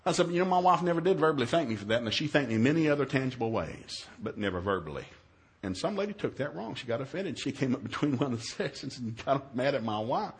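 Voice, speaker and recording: A man who is a minister, telling a humorous story in a sermon, acting out his own yelled lines in a raised voice. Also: fast talker. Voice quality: animated, shifts to high yelling quotes.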